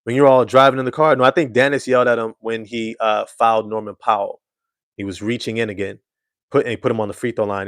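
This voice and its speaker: A man's voice: mid-range voice, level tone, quick pace, a bit bright, no room sound, studio quality. A man hosting casual live-stream sports commentary, emphatic and slangy, repeating his points.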